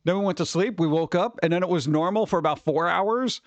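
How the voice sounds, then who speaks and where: A man hosting a livestream, chatting casually and rambling excitably with viewers, often laughing. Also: sits high, a little fast, no echo. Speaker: livestream host. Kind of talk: casual chat with live viewers.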